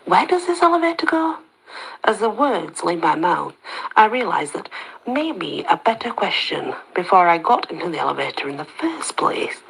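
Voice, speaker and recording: A woman narrating a story in the first person, soft-spoken and slipping into whispers. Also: fairly low pitch, animated, moderate pace, vocal fry, breathy edge, poor audio.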